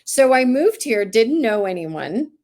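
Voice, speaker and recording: A woman's voice: on the high side, unhurried. A woman raised in California with Greek heritage, a farmer telling stories as a guest in a casual interview, acting out the people she quotes. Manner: animated storyteller, acts out quoted voices.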